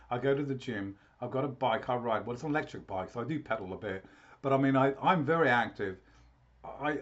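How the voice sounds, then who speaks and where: A man's voice: medium pitch, dull audio. A man working as a health coach, talking through a live consultation with many restarts and repeated words.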